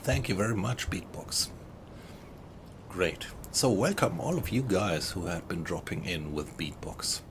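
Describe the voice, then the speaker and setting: While he streams a video game, a man with a German accent talks casually to his viewers, frequently laughing and thanking them. He speaks at a measured pace in a low-pitched voice over a noisy background.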